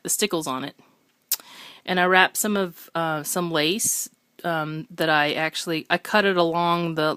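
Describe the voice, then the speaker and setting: Woman crafter, casual show-and-tell, smooth low voice, chatty and full of ums. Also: fairly bright tone, dry recording. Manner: chatty, many ums, self-correcting. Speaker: craft video maker.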